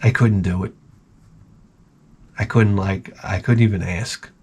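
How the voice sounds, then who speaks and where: A man vlogging as he opens fan packages, talking in a rambling, excitable way and swearing freely. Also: low-pitched, unhurried, husky. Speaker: vlogger opening fan mail. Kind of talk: casual unboxing chat. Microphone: camera mic.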